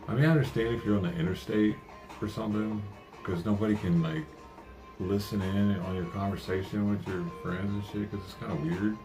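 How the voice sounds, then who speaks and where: A man with a very low voice talks loosely to his stream viewers from his home, wandering from thought to thought. He swears freely and keeps the tone offhand, with clear music playing behind him. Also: steady tone, brisk. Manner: rambling, profane, talking to chat. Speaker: livestreamer. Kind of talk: casual live-stream chat. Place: at home by the front door.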